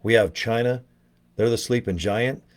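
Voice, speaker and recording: A middle-aged man talking straight to his viewers in a casual pep-talk style. His voice sits at an ordinary, mid-range pitch. He rambles loosely, swears freely and often restarts his sentences. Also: moderate pace. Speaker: network marketing promoter. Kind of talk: casual motivational video talk.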